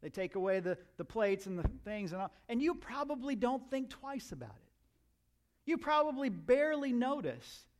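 A male pastor giving a conversational sermon, asking his listeners questions and slipping into quiet asides. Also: extremely high pitch, very animated, normal speed. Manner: conversational, asks the audience questions, drops to asides.

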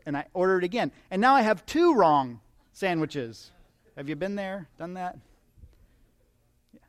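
A male pastor with a fairly high voice gives a relaxed, chatty sermon. He talks with humor and keeps turning to his listeners with questions. The sound is dry and close. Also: normal speed, pauses often, no room sound. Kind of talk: conversational sermon.

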